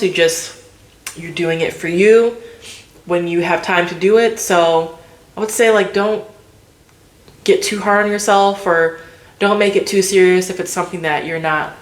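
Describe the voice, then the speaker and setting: A woman vlogger chatting casually to the camera, loose and filler-heavy. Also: on the low side. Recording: roomy echo.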